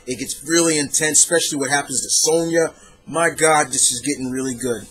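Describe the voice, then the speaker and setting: A young comic book reviewer talks casually on his own, his fairly high-pitched voice moving at a quick clip over a slight hiss or hum. He rambles in an animated way, correcting himself as he goes.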